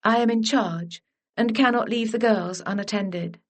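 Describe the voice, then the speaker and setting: A woman voicing a composed young governess who speaks crisply and coolly. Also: a little high, a little slow. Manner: crisp and cool.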